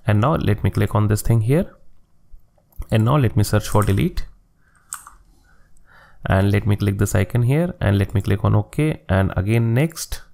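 Low gravelly man explaining code. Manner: steady step-by-step explaining, narrating each click. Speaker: coding tutorial host. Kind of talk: screen-recorded coding tutorial.

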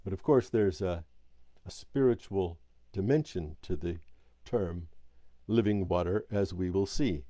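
A man leading a Sabbath School class, reading a scripture passage aloud in a measured way and stopping to explain it, now and then correcting his own slips. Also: sits low, dark tone, no room sound.

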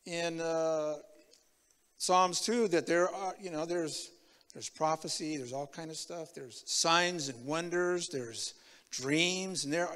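A man in his seventies preaching a personal testimony, with a high, bright, ringing voice. He tells his story in an animated way and acts out the conversations. The sound carries the long reverb of a church hall. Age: 70s. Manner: animated storyteller acting out dialogue. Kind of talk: testimony sermon.

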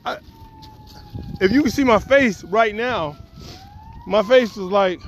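A man's voice: high voice, takes it slowly. A man telling a personal story while walking outdoors, acting out what people said. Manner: animated storyteller, acts out quotes. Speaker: poet and vlogger. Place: outdoors on a windy walk. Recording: faint wind and outdoor noise.

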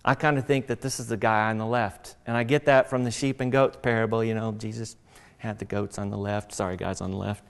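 A male pastor giving a sermon, reading scripture aloud and then preaching with animated, acted-out voices. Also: lowish voice, brisk, hardly any pauses, long reverb tail. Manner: animated, acts out mocking voices.

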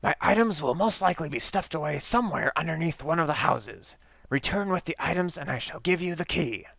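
A man voicing a ruthless male mad scientist in a game story, with a raspy, put-on voice and grand, formal speech. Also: on the high side, lively intonation, fairly quick, a bit bright, dry recording, full character voice. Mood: scheming. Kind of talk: reading a game's story aloud in a put-on voice.

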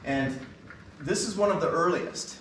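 A middle-aged man telling an excited anecdote from a concert stage, with many fillers and restarts. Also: a little high, a little slow, noisy background. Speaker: band concert speaker. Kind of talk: storytelling from stage. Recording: echoey hall, mic at a distance.

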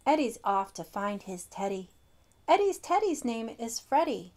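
Slow, expressive woman storyteller. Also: a little high. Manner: slow, expressive, sing-song. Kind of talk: reading a children's picture book aloud.

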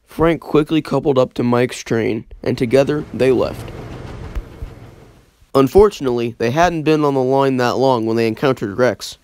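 A man narrating an engine story in a steady storytelling manner. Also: medium pitch, moderate pace, dry recording.

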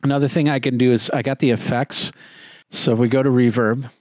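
Tech reviewer, male: mid-pitched, relaxed and chatty, walks through each control step by step, dry close sound. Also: brisk, dry recording. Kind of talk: casual product demo.

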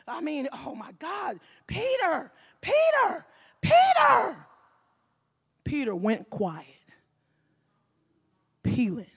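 A woman pastor, preaching a lively sermon, acting out scenes and often shouting. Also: a little high. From Mississippi.

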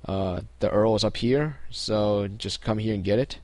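Low-voiced young man, dry close mic. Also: a little slow, dry recording. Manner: relaxed, many ums and restarts. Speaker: tutorial host. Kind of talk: casual screen-recorded tutorial.

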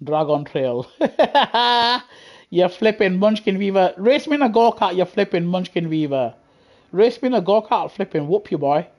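A man's voice: high-pitched, darkish tone. A man streaming a racing game live, chatting to viewers casually in slang and repeating himself. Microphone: gaming headset.

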